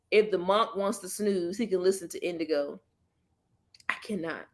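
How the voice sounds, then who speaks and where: A woman's voice: medium pitch, sing-song, unhurried, long pauses. A woman hosting a casual commentary chat, joking and laughing often. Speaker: host.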